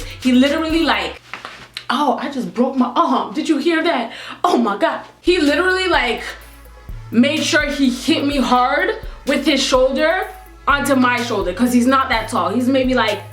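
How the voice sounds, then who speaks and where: A young woman telling a vlog story in an animated, emphatic way, repeating lines for effect. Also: high-pitched. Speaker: vlogger. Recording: echoey room with faint music.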